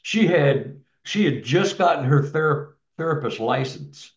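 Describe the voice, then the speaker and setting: A man's voice: on the high side, animated, a little slow. A man telling a long personal story in a rambling, casual way, with many restarts and repeated words. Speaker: guest telling his experiences. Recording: echoey, dull lo-fi sound.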